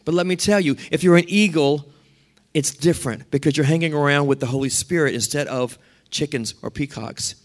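A pastor preaching a sermon, telling stories in a lively way and acting out what other people said. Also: male voice, fairly high pitch, normal speed. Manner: storytelling with lively asides and acted-out quotes.

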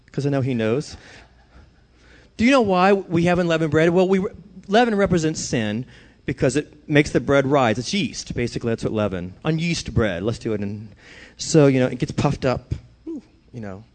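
A man's voice: mid-range voice, animated, a little fast. A middle-aged man preaching a sermon to his congregation, conversational at times and rising to emphatic declarations at others. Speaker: pastor.

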